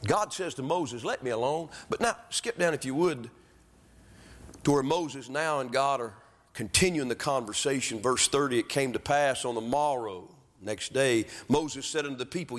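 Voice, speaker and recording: A man preaching a sermon as pastor, building from steady teaching to impassioned pleas. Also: medium pitch, normal speed. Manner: preaching, rising to impassioned shouts. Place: church sanctuary. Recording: long hall reverb.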